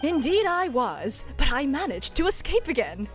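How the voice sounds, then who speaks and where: A woman doing a pompous gentleman detective. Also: high-pitched, big pitch swings, normal speed, soft background music. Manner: grandiose, pompous, old-fashioned phrasing. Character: eccentric male gentleman detective, theatrical. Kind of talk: dramatic reading of game dialogue.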